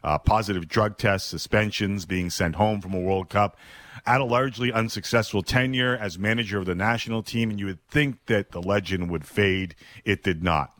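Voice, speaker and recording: Measured low-voiced male podcast host. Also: fairly bright tone, no echo. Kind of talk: scripted storytelling narration.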